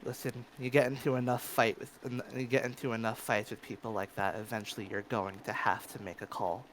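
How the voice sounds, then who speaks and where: A weary woman brawler who would rather settle things with her fists, as a man plays her at the gaming table. She speaks bluntly and sighs often, in a middling pitch over faint background noise. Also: flat delivery, brisk, fairly bright tone, close to an everyday voice, rough recording. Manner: sighing, low-key and blunt.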